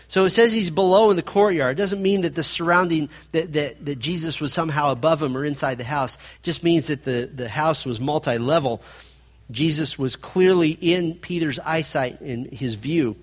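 Dramatic male preacher, fairly high voice. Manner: dramatic, swings between loud emphatic stretches and hushed low passages. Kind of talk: sermon.

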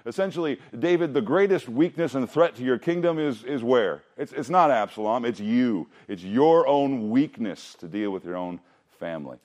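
A middle-aged man preaching through a Bible passage in a conversational, animated way with frequent restarts. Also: mid-range voice, moderate pace. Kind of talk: expository Bible teaching.

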